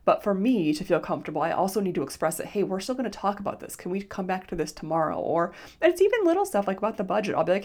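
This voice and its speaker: A woman's voice: medium pitch, big pitch swings, very fast, few pauses, darkish tone. A woman in her thirties, a life coach, hosting her podcast in a casual, chatty solo talk, often slipping into quoted dialogue. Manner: chatty, lots of "like", quotes herself in little voices.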